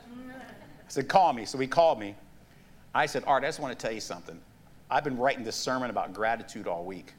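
A middle-aged man pastor preaching a sermon, telling stories with animated asides and laughs. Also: on the high side, a little fast, a little hiss or hum.

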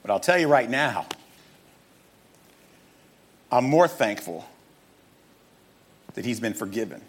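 Man, pastor, emphatic sermon, animated, joking asides, church stage. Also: medium pitch, slow, husky. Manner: animated, emphatic preaching with jokes.

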